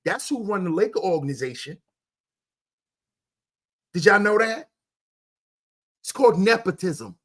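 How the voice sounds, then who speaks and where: A man hosting a livestream, ranting loudly and crudely at his chat, firing off rhetorical questions and answering them himself. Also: high voice, animated, unhurried, pauses often. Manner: loud, confrontational, profane, often shouting. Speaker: livestream host. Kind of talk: ranting commentary to live chat.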